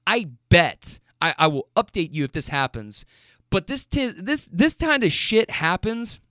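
High-voiced, profane ranting man. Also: very animated, measured pace, bright, forceful tone, no room sound, clean studio sound. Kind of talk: casual storytime rant.

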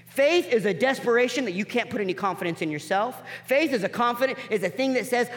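Animated pastor, high voice, reverberant hall. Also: male voice. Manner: animated, acts out the people in the story with quick voice changes; drops to soft, quiet emphasis on key points. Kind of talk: sermon.

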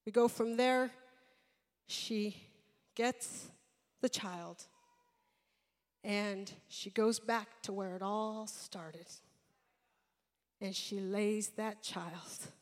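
A woman's voice: mid-range voice, fairly even intonation, drawn-out words, long pauses. Woman preaching in a reverberant church. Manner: storytelling, builds to loud impassioned preaching. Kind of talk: sermon. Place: church sanctuary. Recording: church sanctuary with long reverb.

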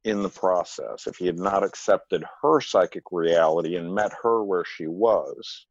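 A man, a psychotherapist, explaining his practice in measured conversation and telling anecdotes with quoted dialogue. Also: deep voice, no echo, lo-fi sound. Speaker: psychotherapist guest.

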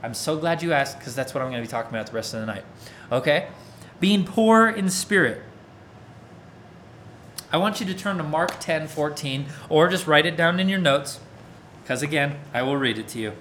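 A male preacher with a slightly high voice and a casual, chatty delivery, who keeps asking his listeners to respond. A faint hiss sits under his voice. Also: expressive, moderate pace, pauses often. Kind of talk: interactive sermon.

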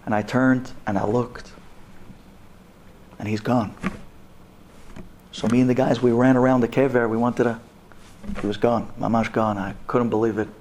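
A man, a rabbi, telling a story to an audience, animated and dramatic, sprinkling in Hebrew terms. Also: moderate pace, pauses often, a little hiss or hum. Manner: animated, voice jumps up high for dramatic moments.

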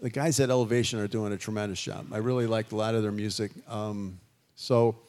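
A man's voice: fairly low pitch, a little fast. An older man, a guest musician, answering audience questions at a festival talkback in a chatty, rambling way. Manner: chatty, animated, rambling with restarts.

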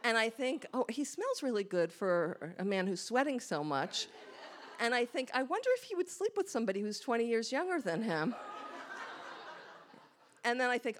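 A woman's voice: fairly high pitch, very animated, a little fast. A woman telling a candid, self-mocking personal story on stage before a live audience, acting out her own thoughts as she goes. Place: small hall with a live audience.

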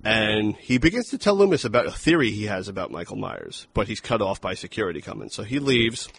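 A man's voice: on the low side, big pitch swings, fairly quick, gravelly, fairly bright tone, a little hiss or hum. A man co-hosting a film review podcast, talking casually and profanely, acting out lines from the movie. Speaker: podcast co-host.

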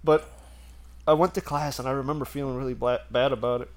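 A man's voice: mid-range voice, fairly even intonation, fast talker. A man telling a story in casual chat, rambling and laughing as he goes.

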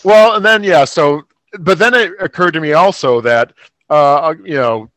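A man's voice: fairly high pitch, unhurried, a bit bright, no echo. Wry, chatty middle-aged man, dry sound. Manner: chatty, wry, acts out reactions. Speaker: podcast co-host. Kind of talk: casual chat.

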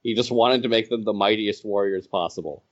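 A man telling stories from running his game in a casual podcast chat, animated and laughing as he goes. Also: on the low side, a little fast. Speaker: game designer and organizer. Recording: slightly dull, lo-fi audio.

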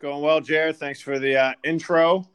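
Guy with a clean smooth voice hosting a chill podcast, keeps things moving. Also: on the high side, fairly even intonation, a little slow, muffled recording. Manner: friendly, steers the conversation. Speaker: podcast co-host. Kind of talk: casual chat.

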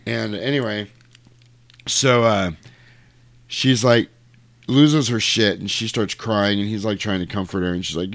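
Low-voiced man retelling a movie. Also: no echo. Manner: animated storyteller acting out lines in quick voices. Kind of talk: casual chat retelling a movie.

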